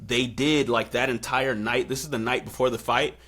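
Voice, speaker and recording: A young man chats on a podcast, recounting a wild night with lots of fillers. His voice is bright and clear. When he quotes people he jumps up into loud, excited squeaks. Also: normal speed. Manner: animated storyteller, acts out quotes in high excited bursts. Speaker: podcast host. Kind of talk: casual storytelling chat.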